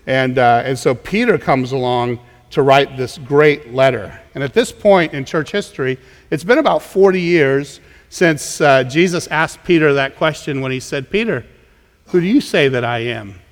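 Preaching in a church sanctuary, a man with a medium-pitched voice keeps a moderate pace. As pastor, he speaks conversationally, often repeating himself and restarting. The sound has the long reverb of a large hall.

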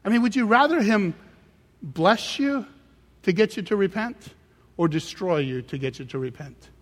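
A man's voice: high voice, expressive, normal speed. A male pastor preaching a sermon with emphatic, repeated phrases. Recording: reverberant hall sound.

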